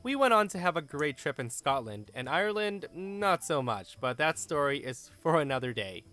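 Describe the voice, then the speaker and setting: A man narrating an online story in an expressive, animated way, with his own comments. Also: a little high, normal speed.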